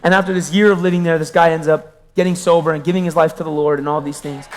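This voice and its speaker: A man from Pennsylvania sharing his testimony with a live audience, animated and swinging between hushed asides and exclamations. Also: on the high side, fast talker, big-room sound, noisy background.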